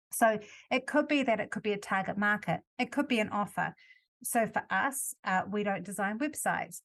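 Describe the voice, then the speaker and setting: A woman from New Zealand hosting a solo podcast, talking casually and correcting herself as she goes. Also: medium pitch. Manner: conversational, self-correcting, gives examples. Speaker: podcast host.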